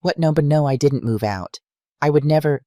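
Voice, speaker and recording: A narrator voicing a distraught young woman whose pleas come out high and urgent. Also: moderate pace, dark tone, no echo, clean studio sound, natural voice. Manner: pleading, rising and urgent. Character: distraught young woman locked out of her home.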